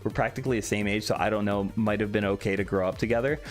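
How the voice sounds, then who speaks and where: A man's voice: on the low side, fairly even intonation, quick pace. A young man casually chatting on a live stream, reading chat aloud with a joking, candid manner. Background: faint background music.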